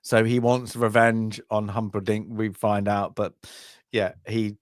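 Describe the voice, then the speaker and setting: Guy rambling thru a movie recap, bursts into shouty impressions, dry mic. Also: on the low side, little pitch movement, measured pace, no echo. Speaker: podcast co-host. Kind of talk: casual film review chat.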